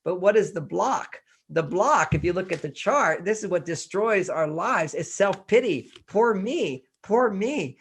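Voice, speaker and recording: A man's voice: sits high, lively intonation, normal speed, hardly any pauses, a bit bright, breathy edge. A man in his sixties from Texas, speaking as a guest author in an interview, emphatic and acting out quoted voices. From Texas, USA. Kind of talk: interview talk.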